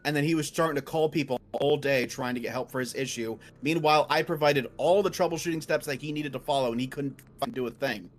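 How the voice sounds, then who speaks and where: A man's voice: medium pitch, quick pace, few pauses. A man ranting in casual chat about a coworker, heated and swearing, acting out quoted lines in a raised voice. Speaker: podcast co-host. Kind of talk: casual chat, venting story.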